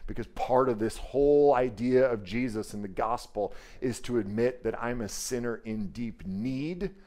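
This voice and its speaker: A man preaching a sermon in a conversational, animated way, acting out quoted voices. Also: medium pitch, normal speed. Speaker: pastor.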